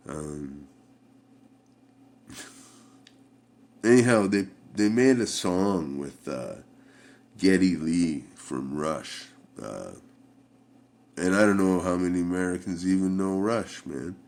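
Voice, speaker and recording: Very deep, gravelly man rambling. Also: a little mellow. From Canada. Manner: rambling, halting, many fillers and restarts. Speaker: vlogger. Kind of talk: casual rambling vlog.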